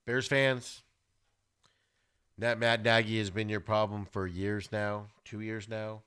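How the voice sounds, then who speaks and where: A man hosting a podcast, giving an animated, ranting football recap with plenty of exclamations. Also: on the low side, takes it slowly, clear, resonant tone. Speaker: podcast host.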